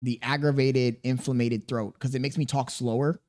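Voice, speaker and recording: A man's voice: mid-range voice, steady tone, darkish tone. Laid-back male streamer with a sore throat. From Chicago, USA. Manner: laid-back, chuckling, drifts between slow and quick talk. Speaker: live streamer. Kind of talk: casual stream chat, reading viewer comments aloud.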